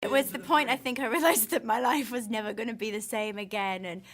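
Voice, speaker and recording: A woman's voice: on the high side, steady tone, a little fast. A woman, an actress, answering questions in a film press interview with enthusiastic, gushing storytelling.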